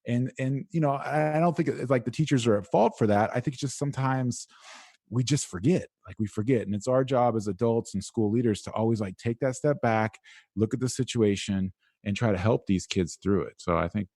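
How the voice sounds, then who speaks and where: Dark-voiced man, casual and animated. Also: mid-range voice, fairly quick, dry recording, studio quality. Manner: animated, conversational, many "like"s and "right?". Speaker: guest, education speaker. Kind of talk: interview answers.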